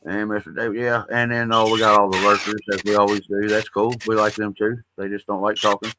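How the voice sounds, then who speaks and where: A man's voice: lowish voice, flat delivery, fairly quick, background noise. A middle-aged man hosting a livestream, rambling in a folksy, profane, casual way. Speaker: livestream host.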